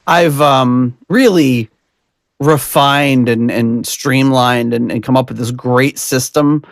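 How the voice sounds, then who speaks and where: A man hosting a podcast in casual chat, with a gravelly edge to his mid-pitched voice. He rambles, laughs and restarts his sentences. The sound is dry and close, with faint music underneath. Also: slow, dry recording. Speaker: podcast host.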